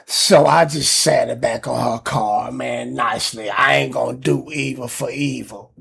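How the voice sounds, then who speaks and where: A man hosting a podcast, telling a neighbor story in a casual, animated, profane rant. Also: mid-range voice, normal speed. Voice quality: gravelly, husky. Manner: animated, acts out quotes, profane. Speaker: podcast host.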